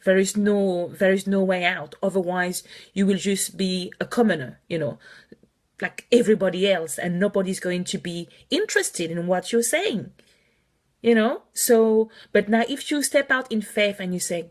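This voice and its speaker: A woman's voice: medium pitch, moderate pace. A woman with a French accent, a native French speaker, gives an earnest, encouraging motivational talk on a live video as an online marketing coach, chatting and laughing now and then.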